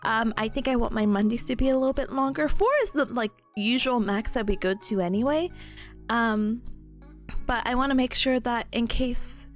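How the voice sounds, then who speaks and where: A young woman streamer chatting casually on a livestream, bubbly and playful, her voice hoarse from coughing. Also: a little high, normal speed. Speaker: VTuber streamer. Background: faint background music.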